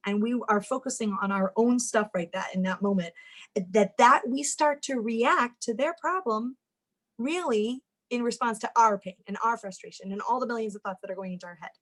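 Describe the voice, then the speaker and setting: A woman family therapist giving a lively talk on parenting, acting out the inner voices of parents and kids, often repeating words as she goes. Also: mid-range voice, normal speed, low-quality recording. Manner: animated, acts out parents' and kids' inner voices; repeats words and restarts sentences when speaking.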